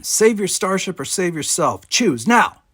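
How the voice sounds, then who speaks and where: A man's voice: sits high, very animated, unhurried, fairly bright tone, breathy edge, pitched above the performer's own voice, full character voice. A man putting on a proud, fierce female cadet.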